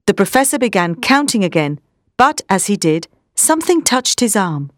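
Woman narrator, storybook read-aloud, lively, expressive pitch, dry close sound. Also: moderate pace, dry recording. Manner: clear, expressive reading.

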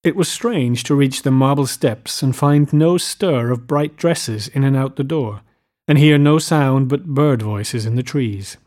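A man narrating a literary novel in a measured, descriptive reading style. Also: mid-range voice, darkish tone. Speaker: audiobook narrator.

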